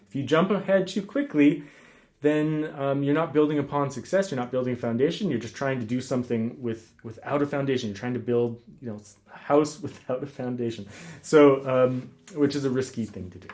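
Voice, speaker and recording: A man teaching a guitar lesson in a relaxed, casual way, counting rhythms aloud with frequent ums. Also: medium pitch. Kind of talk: casual instructional talk.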